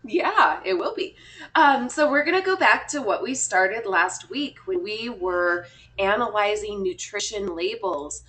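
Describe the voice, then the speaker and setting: A woman's voice: medium pitch, lively intonation, unhurried, fairly bright tone. A young woman teaching a small class, encouraging and chatty with frequent ums. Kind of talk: classroom lesson.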